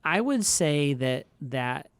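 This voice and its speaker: A pastor co-hosting a podcast chats casually and tells stories, acting out the quotes in a higher voice. His voice swings widely in pitch and is slow and clean, with no echo.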